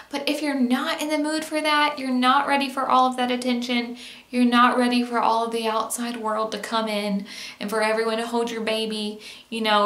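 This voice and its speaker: A woman's voice: on the high side, fairly bright tone, roomy sound. A woman, chatting candidly to camera as a mom vlogger, with lots of fillers and easy laughter. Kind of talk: casual chat to camera.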